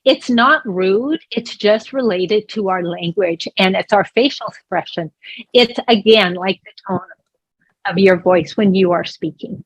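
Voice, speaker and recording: A woman's voice: mid-range voice, measured pace, breathy edge, dry recording, poor audio. Woman voicing a sign-language lesson, dry sound. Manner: explanatory, conversational, with small restarts. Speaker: voice interpreter for a deaf presenter.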